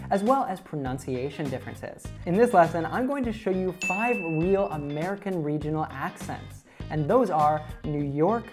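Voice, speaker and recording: A woman presenting an online English lesson, explaining clearly and speaking directly to viewers. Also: low-pitched, darkish tone. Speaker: English teacher.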